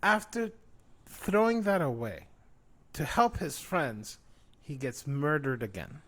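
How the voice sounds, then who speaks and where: A man co-hosting a casual show, ranting excitedly and swearing a lot. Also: a little high, slow. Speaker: podcast co-host. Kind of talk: casual chat.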